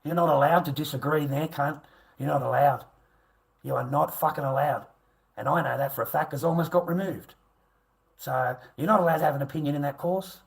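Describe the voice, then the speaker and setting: A man's voice: on the high side, fairly quick, creaky, rough recording. Coarse, swearing man. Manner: aggressive, crude, swearing and taunting. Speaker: livestreamer. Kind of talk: profane livestream rant.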